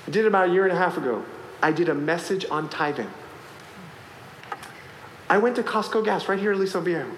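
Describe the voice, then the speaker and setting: A man, a pastor preaching a sermon and telling a story with lively acted-out voices. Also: sits high, fast, slight background noise. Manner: animated storytelling, acting out voices in the anecdote. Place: church sanctuary. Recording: echoey hall, faint ambience.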